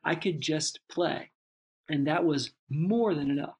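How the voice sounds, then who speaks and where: A man, a father, in relaxed conversation, telling a long reflective story with many restarts and asides. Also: fairly high pitch, unhurried, husky. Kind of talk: casual chat.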